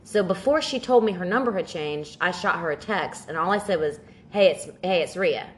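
Lower-voiced woman telling stories animatedly. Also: normal speed, a little hiss or hum. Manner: animated storytelling, swears freely. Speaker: podcast co-host. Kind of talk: casual chat.

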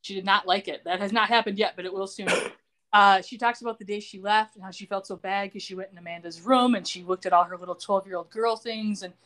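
A woman's voice: mid-range voice, fairly even intonation, quick pace, fairly bright tone. A woman co-hosting a podcast, casually recapping a TV episode in a loose, chatty way with lots of fillers and asides. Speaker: podcast co-host.

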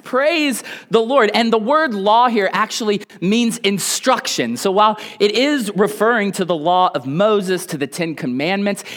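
A man's voice: very high voice, a bit bright. A male pastor preaching a sermon, calling out to the congregation and dropping to a near whisper on key phrases.

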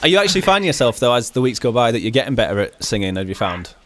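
A man's voice: medium pitch, sing-song, fairly bright tone. A man hosting a podcast, chatting casually with upbeat enthusiasm. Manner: enthusiastic, quick praise. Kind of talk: casual chat.

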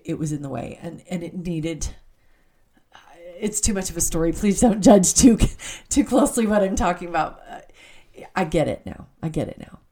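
A middle-aged woman speaks in a warm, mellow tone, a little lower than most. She shares her faith in an earnest, heartfelt way and often restarts her sentences as she searches for the right words. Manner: earnest, heartfelt, self-correcting. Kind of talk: personal faith talk.

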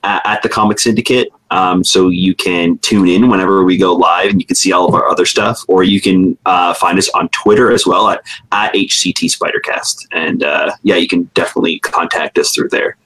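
Man co-host, lowish voice, relaxed, plugging socials. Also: a little fast, few pauses, slightly rough, poor audio. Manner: relaxed, plugs the show. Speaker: podcast co-host. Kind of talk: casual chat.

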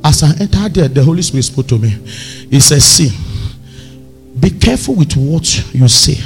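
A man preaching a sermon, telling stories with lively swings and sudden shouts. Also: on the high side, moderate pace, faint music behind. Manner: animated, storytelling, bursts into shouts. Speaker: pastor.

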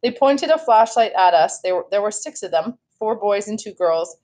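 A woman reading a children's novel aloud in a steady storytelling voice, now and then correcting herself. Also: medium pitch, normal speed. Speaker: read-aloud host.

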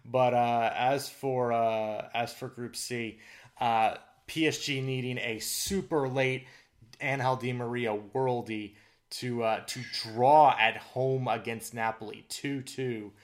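A male podcast co-host talks through the week's football results in a loose, rambling way. His voice sits at an ordinary middle pitch, and his chat is dotted with fillers and restarts. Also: fairly even intonation, takes it slowly. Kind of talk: casual sports chat.

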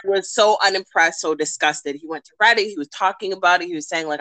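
Animated, bright-voiced woman storyteller. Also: on the low side, a little fast, few pauses, no room sound, low-quality recording. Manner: animated, profane, acts out quoted voices. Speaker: podcast co-host. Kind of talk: casual storytelling chat.

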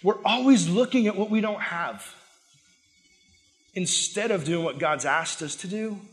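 High-voiced man preaching with animated emphasis. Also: unhurried, long reverb tail. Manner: animated, acts out quoted prayers and complaints in voice. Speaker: pastor. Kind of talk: sermon.

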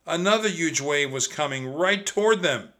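A man reading a children's book aloud, expressive and speaking straight to young listeners. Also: fairly high pitch, moderate pace. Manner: expressive, addresses kids directly. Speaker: storyteller.

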